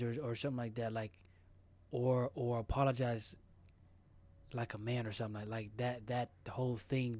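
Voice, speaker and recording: Male podcast co-host, mid-pitched, thoughtful questioner, dry close mic. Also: steady tone, no room sound. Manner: measured, questioning, clears throat often. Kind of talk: casual chat.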